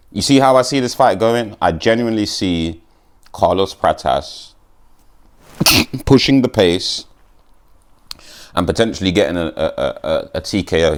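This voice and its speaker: A man vlogging about MMA in a casual, sweary, stop-start chat to camera. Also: deep voice.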